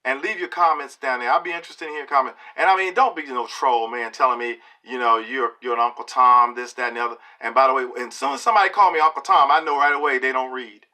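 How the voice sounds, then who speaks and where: A middle-aged man giving an opinion monologue to camera, emphatic and preachy, often pausing to ask "okay?". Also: mid-range voice, bright, forceful tone. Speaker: video blogger.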